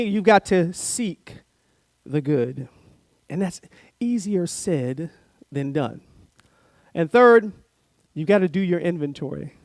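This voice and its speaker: A man giving a sermon, an animated, playful storyteller who talks directly to the congregation. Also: high-pitched, no room sound, clean studio sound. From Florida. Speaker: guest speaker. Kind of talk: sermon with a told joke.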